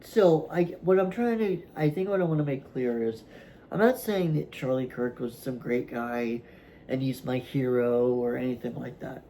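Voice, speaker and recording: A man hosting his own vlog, talking casually to camera from a room at home, halting and rambling with many fillers and restarts, yawning at times. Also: mid-range voice, dark tone, slight background noise, poor audio. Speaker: vlog host.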